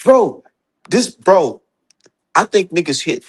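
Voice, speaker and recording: A man's voice: high-pitched, very animated, takes it slowly, slightly rough. A man hosting a casual boxing talk stream, emphatic and profane, voice jumping up when he gets heated. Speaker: streamer host.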